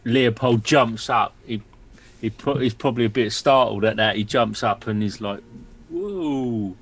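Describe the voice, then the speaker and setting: A man describing his character's actions in a tabletop game, animated and hesitant. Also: mid-range voice, a little slow, slightly rough. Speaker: player.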